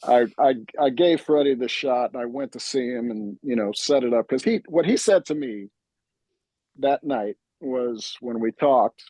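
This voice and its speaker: A man talking casually about his early lessons, circling back with plenty of fillers and false starts. His voice is mellow and relaxed. The sound is dry and close. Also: medium pitch, a little slow, dry recording, rough recording. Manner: rambling, many restarts and fillers. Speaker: drummer and host. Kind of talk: casual chat.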